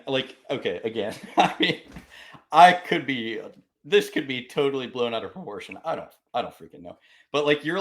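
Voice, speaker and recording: A man hosting a casual interview, chatty and quick to laugh, with lots of "like" filler. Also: mid-range voice. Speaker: podcast host. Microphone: video call.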